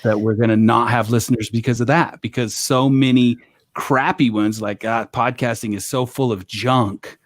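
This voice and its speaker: A man's voice: mid-range voice, fairly even intonation, normal speed, dry recording, studio quality. A man on a podcast panel, raising a blunt question with some hesitation. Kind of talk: casual panel chat.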